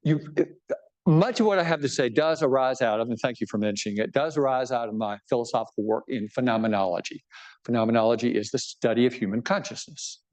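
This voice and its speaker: A bishop addresses a live audience about his book in an easygoing, humorous way, often asking after his listeners and making fun of himself. He speaks at a quick pace in a mid-range, slightly mellow voice.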